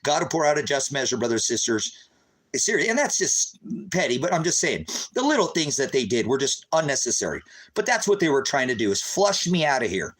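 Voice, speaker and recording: A man pours out an agitated, impassioned monologue to his followers, calling them brothers and sisters. His voice sits mid-pitched and climbs loud and high when stirred. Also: very animated, a little fast, breathy edge, low-quality recording. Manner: grows loud and high when recounting the raid. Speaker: street preacher vlogger.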